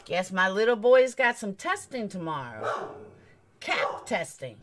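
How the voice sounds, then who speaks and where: A woman's voice: mid-range voice, sing-song, unhurried, heavy background noise. A woman hosting a true crime live stream, talking straight to her chat in a blunt, emphatic, opinionated way.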